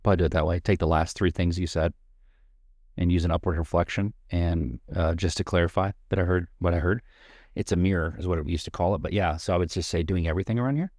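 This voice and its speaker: A low-pitched man talks through ideas in a reflective, thinking-aloud way, giving plain examples as a counselor on a talk show. The sound is dry and close, with no room echo. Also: fairly even intonation, fast, darkish tone. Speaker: family counselor and co-host. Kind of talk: conversational podcast discussion.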